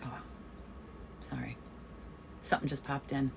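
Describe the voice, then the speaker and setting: A woman's voice: a bass voice, measured pace, gravelly, noisy background. A woman, chatting casually as host and telling a story, laughing often and acting out the people she quotes. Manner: chatty, laughs often, animated quoting of others. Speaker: host of a community coffee chat.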